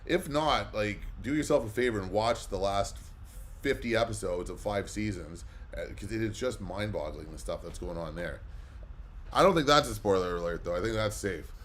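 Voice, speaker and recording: Chatty rambling male auction host. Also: on the low side. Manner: rambling, chatty, many fillers. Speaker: live comic auction host. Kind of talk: casual livestream chat.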